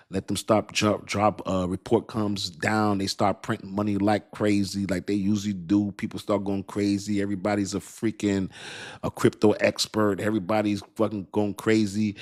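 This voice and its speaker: A middle-aged American man hosting a casual crypto livestream, chatting with viewers in relaxed slang and laughing often. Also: fairly low pitch. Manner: laid-back slangy talk, frequent laughs.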